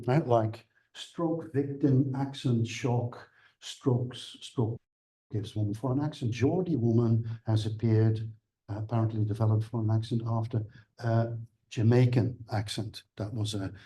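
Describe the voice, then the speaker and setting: A man lecturing at a seminar in a low, mellow, slightly husky voice. He talks in halting stretches, full of "uh" and "you know," and restarts his phrases often. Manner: hesitant, many fillers and restarts. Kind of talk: academic seminar talk.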